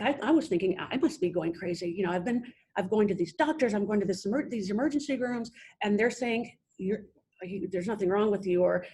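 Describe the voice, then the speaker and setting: A young adult woman, a podcast guest, telling her own story in a halting way with many restarts. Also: medium pitch, darkish tone, a little hiss or hum. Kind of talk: personal storytelling interview.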